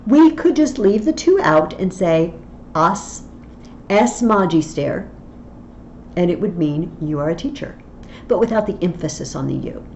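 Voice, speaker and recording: A woman's voice: lowish voice, lively intonation, unhurried, creaky, a little mellow, slight background noise. A woman teaching a Latin lesson online, explaining patiently step by step. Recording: slightly dull lo-fi audio with faint ambience.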